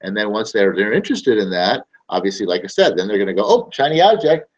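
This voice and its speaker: A man's voice: lowish voice, fast talker, lo-fi sound. A man hosting a casual talk to camera, rambling and emphatic, often repeating his phrases. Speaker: show host.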